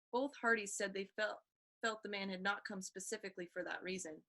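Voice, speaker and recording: A woman's voice: mid-range voice, moderate pace, pushed and bright. Woman reading a mystery novel aloud. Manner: occasionally stumbles and restarts. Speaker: audiobook reader.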